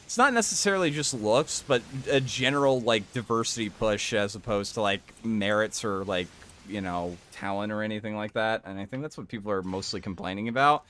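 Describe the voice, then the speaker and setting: A man's voice: on the low side, brisk, few pauses, fairly bright tone, slight background noise. A man doing casual reaction commentary, interrupting with crude, rambling and mocking remarks. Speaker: streamer commentator.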